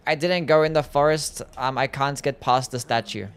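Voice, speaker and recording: A man with a mild Australian accent streaming a game, chatting casually and reading viewer messages aloud, easygoing and quick to laugh. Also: mid-range voice, fairly even intonation, clear, resonant tone. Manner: laid-back, easygoing, laughs often, loose with fillers. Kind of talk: casual livestream gameplay chat, reading chat aloud.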